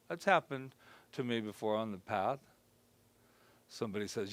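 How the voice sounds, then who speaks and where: A man preaching an informal sermon to a congregation, conversational and joking, who softly acts out his own self-talk. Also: on the low side, animated, moderate pace, long pauses, no room sound. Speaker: minister. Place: spiritual center gathering before a congregation.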